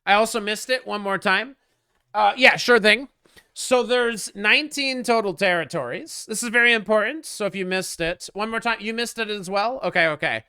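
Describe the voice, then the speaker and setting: Male game streamer, casual joking commentary, bright and clean tone, dry close mic. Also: sits high, normal speed, smooth, dry recording. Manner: chatty, joking, answers chat, gets loud when frustrated.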